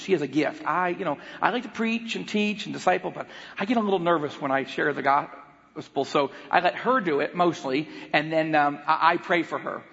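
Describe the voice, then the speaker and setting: A man preaching as a guest speaker, telling a story with animated acted-out voices. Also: a little high, creaky. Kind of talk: sermon. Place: church auditorium. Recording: long hall reverb, dull lo-fi sound.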